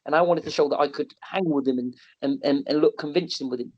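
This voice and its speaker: A man telling animated, self-mocking stories on a podcast, often restarting and laughing. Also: fairly high pitch, fast. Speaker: wrestler and wrestling promotion owner. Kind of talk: podcast interview storytelling. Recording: slightly muffled podcast audio.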